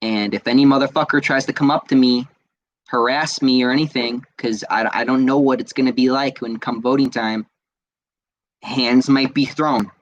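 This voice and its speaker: A man's voice: medium pitch, fairly even intonation, moderate pace, dull audio. A man from the United States hosting a solo podcast, ranting angrily and swearing, repeating himself with frequent fillers. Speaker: podcast host. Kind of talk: casual solo podcast rant.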